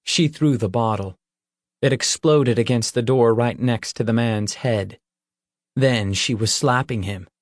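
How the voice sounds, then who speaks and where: A man narrating an audiobook in measured, even storytelling. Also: medium pitch, no room sound, clean studio sound.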